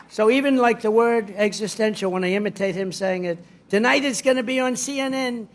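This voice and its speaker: Guy rambling thru a rally speech, kinda high voice for a man, bragging as he goes. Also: fairly quick, few pauses. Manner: rambling, boastful, digressive storytelling. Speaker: politician addressing a rally.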